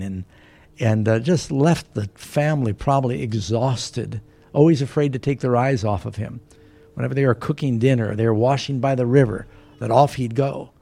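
A man with a medium-pitched voice, vocal fry, and a dark tone preaches a sermon. He retells a Bible story as a storyteller, briefly voicing its characters with varied emphasis.

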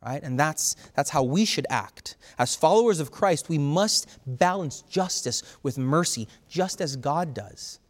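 A man preaching a sermon in an earnest, halting way, often restarting his sentences. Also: fairly high pitch, expressive, in a large hall.

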